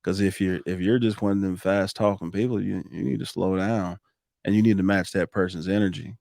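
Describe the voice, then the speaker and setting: A man guesting on a podcast, talking in a lively coaching way with frequent restarts and laughs. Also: low-pitched, brisk, creaky, no echo, studio quality. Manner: animated, coaching tone, laughs often, restarts sentences. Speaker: podcast guest, roofing business owner. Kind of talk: casual podcast chat.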